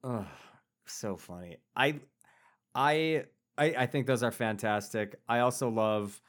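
A man casually discussing a comedy film, excitable, swearing and acting out quotes loudly. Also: mid-range voice, measured pace.

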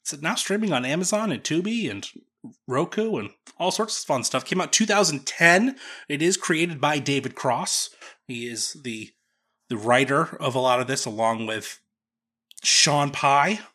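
A man's voice: on the high side, unhurried. A man in his thirties hosting a casual podcast chat, joking and laughing often. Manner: jokey, laughs often, animated. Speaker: podcast host.

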